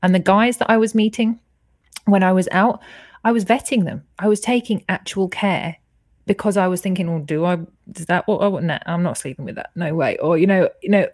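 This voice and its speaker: A woman's voice: fairly low pitch, brisk, darkish tone, dry recording, studio quality. A woman, telling her personal story frankly and earnestly as a podcast guest over a video call, swearing freely.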